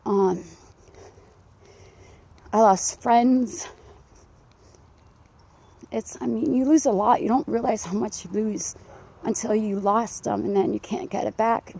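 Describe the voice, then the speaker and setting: A woman out of breath, rambling and confessional as she vlogs while walking outdoors in a quiet neighborhood. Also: medium pitch, slow, creaky, long pauses. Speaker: vlogger. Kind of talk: casual vlog while walking. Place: outdoors, quiet residential community. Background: faint dog and insects.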